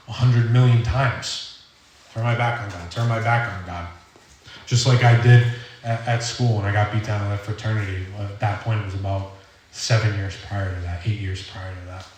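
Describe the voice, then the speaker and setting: A young man with a Rhode Island accent giving an earnest, rambling personal testimony at a recovery meeting, halting often with fillers. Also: lowish voice, a little mellow, far from the mic, slight background noise. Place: meeting hall. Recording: roomy hall audio from off-mic.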